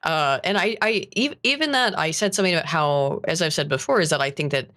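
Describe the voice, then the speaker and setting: A man's voice: a little high, brisk, sharp tone. A man co-hosting a casual livestream, thinking aloud in an earnest, hesitant way. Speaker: co-host.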